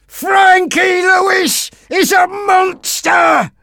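Brief: a man playing a broken, brooding man in a wheelchair, raised pitch, screaming rage, dry sound. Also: big pitch swings, unhurried, creaky, dry recording, exaggerated voice. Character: bitter disabled man in a wheelchair, brooding, volatile.

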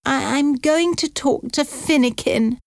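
A woman voicing a frightened, fretful elderly aunt in an audiobook, pleading in a high, trembling voice. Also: a little slow, gravelly, dry recording, studio quality. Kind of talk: audiobook character voice.

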